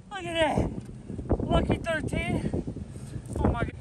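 Man, high voice, slow talker, out of breath, whooping fishing vlog, loud wind on the mic. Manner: exclamatory, whooping and talking to the fish. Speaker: angler vlogger. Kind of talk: excited fishing vlog commentary. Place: outdoors on a boat in strong wind. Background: wind and boat noise.

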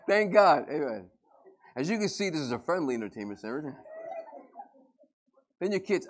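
A male pastor preaching a lively, joking sermon to a congregation and acting out everyday scenes. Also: on the high side, moderate pace, long pauses, breathy edge. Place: church service before a congregation.

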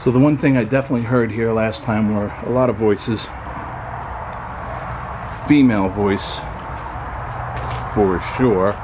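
A nervous man films himself alone on a night ghost hunt, speaking slowly and hesitantly, half to himself. His voice is shaky with fear as he calls out into empty rooms. Crickets and insects chirp clearly behind him. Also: lowish voice, fairly even intonation, noisy background. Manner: jittery, muttering to himself, calling out into the dark. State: frightened and shaky. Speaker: paranormal vlogger. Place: abandoned trailer at night, indoors and out.

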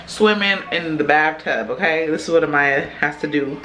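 Her voice is deep and fairly bright, and she talks a little fast with few pauses. A young mother at home with her babies, she holds up her phone and vlogs casually, calling viewers "y'all," in a noisy home recording.

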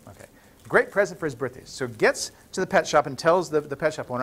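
A male professor in a classroom, telling jokes between points of the lesson. His pitch swings widely as he talks, and a faint hum of room noise sits underneath. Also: quick pace. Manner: animated, playful storyteller. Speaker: university professor.

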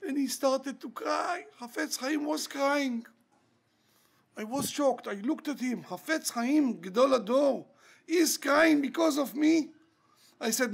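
A man's voice: extremely high pitch, takes it slowly, vocal fry. A man, a rabbi, preaching an impassioned storytelling sermon and repeating key words for emphasis.

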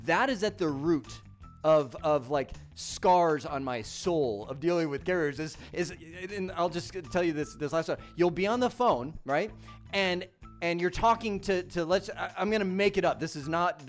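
Middle-aged guy explaining networking stuff, highish voice, stumbles and repeats words a lot. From Michigan, USA. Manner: animated, repeats words, acts out phone calls. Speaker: tech instructor. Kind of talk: casual video lesson.

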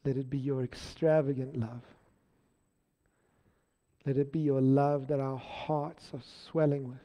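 A man's voice: medium pitch, flat delivery, a little slow, dark tone. A man leading an earnest spoken prayer in church. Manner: earnest, devotional. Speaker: prayer leader. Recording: dull lo-fi sound with faint music.

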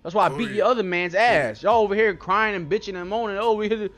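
A man's voice: high-pitched, fast talker, a bit bright. A young man commentating his own game play, trash-talking the characters with constant swearing. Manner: profane trash talk at the game. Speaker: gaming YouTuber.

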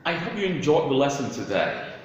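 A man with an English accent teaching pronunciation, repeating each word slowly and deliberately with varied intonation. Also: mid-range voice, sing-song. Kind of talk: slow, deliberate pronunciation drill. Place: echoey classroom. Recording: roomy echo, long reverb, faint hiss.

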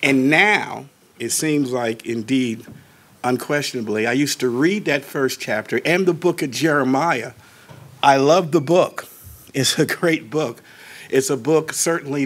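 A man in his sixties, a Baptist pastor, tells a personal testimony in an animated way, slowing down on key words and moving between soft asides and raised emphasis. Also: medium pitch. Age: 60s. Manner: slows down and draws out key words.

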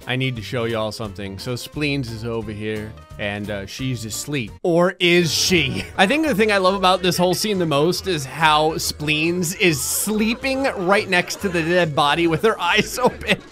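A man giving comedic, sarcastic commentary over a life-simulation game, often slipping into quick voices for the pets. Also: a little high, fairly bright tone, soft background music. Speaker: gaming commentator.

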